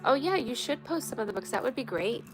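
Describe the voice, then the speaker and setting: A woman's voice: fairly high pitch, animated, fast talker, rough recording. A woman hosting a casual late-night live chat, talking frankly and loosely with some swearing as she gives spiritual advice. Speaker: livestream host. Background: music playing.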